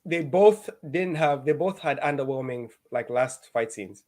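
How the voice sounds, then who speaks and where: A man co-hosting a podcast, talking in animated, slangy casual chat. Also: mid-range voice, a little slow. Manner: animated, slangy, addresses others as bro. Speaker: podcast co-host.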